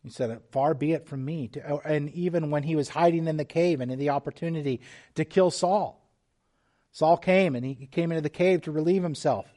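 A man preaching a sermon as pastor, earnest and measured, with restarts and small asides. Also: a little high, warm tone.

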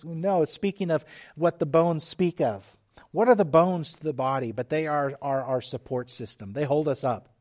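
A middle-aged man preaching a sermon, slow and emphatic, dropping suddenly to quiet, hushed lines. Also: medium pitch. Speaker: pastor.

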